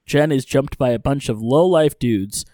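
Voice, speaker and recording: A man's voice: mid-range voice, normal speed, no room sound. Dry-sounding man recapping an episode. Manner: lively recap narration with joking asides. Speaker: podcast co-host. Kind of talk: casual episode recap chat.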